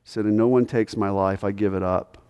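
Male pastor, emphatic sermon delivery, hushed to loud, long hall reverb. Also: on the low side, fairly even intonation, fairly quick, clean tone.

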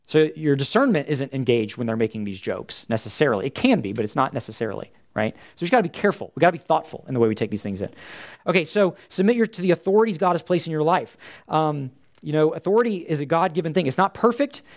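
A man's voice: on the high side, big pitch swings, quick pace. A man giving an earnest, conversational church teaching talk to a live group, with frequent fillers.

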